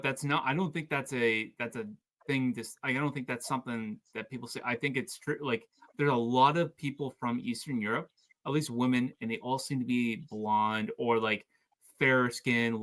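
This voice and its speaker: A man hosts a casual podcast, telling anecdotes in an animated way with frequent restarts. His pitch sits in the middle of the usual male range. He sounds relaxed and conversational. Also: moderate pace. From Canada. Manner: storytelling, animated, stumbling restarts. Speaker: podcast host.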